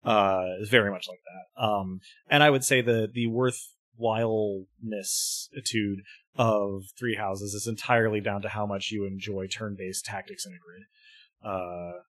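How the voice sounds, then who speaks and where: A man's voice: fairly low pitch, steady tone, unhurried, no echo, clean studio sound. A man co-hosting a casual podcast chat, rambling with fillers and easy laughs. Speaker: podcast co-host.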